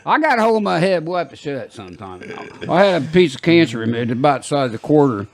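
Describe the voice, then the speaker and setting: A quick, sing-song, fairly high voice belongs to an older podcast host with a small-town rural American twang. He chats casually, telling rambling jokes and laughing at his own stories.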